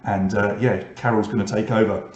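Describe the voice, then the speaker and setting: A man's voice: lowish voice, flat delivery, brisk, a little mellow, roomy sound, lo-fi sound. A man with a British accent hosting an online pub quiz, reading out questions and scores with chatty asides. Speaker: quiz host.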